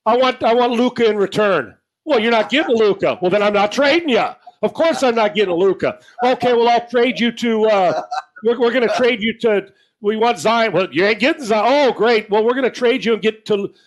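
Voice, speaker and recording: A man's voice: high voice, fairly quick. A middle-aged man hosting sports talk, ranting bluntly and profanely and acting out both sides of imagined conversations. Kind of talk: heated sports talk rant.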